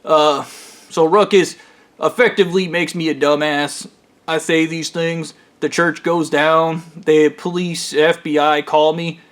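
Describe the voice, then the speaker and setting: A man's voice: fairly high pitch, flat delivery, measured pace, a bit bright. A man telling a long personal story in a casual, rambling monologue, swearing freely and stumbling through fillers and restarts. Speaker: storyteller recounting his own experiences.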